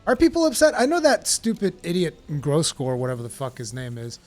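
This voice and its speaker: A man's voice: medium pitch, very animated, a little fast, a little mellow, faint music behind. A man streaming a game, chatting casually and rambling with plenty of swearing. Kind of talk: casual live-stream chat.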